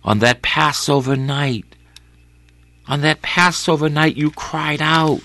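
A male preacher in prayerful preaching, who repeats his phrases and swings from loud cries to hushed whispers. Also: fairly high pitch, fairly even intonation, slow pace, no room sound.

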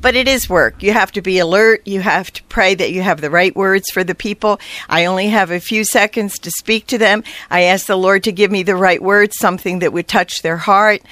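Woman guest, earnest, halting delivery, heartfelt storytelling, dry close mic. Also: mid-range voice, fairly bright tone, no room sound.

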